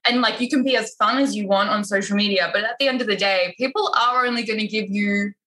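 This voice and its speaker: A woman chatting casually about her photography business, animated and full of filler words. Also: medium pitch, quick pace, poor audio. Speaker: wedding photographer, podcast guest. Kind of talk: casual podcast chat.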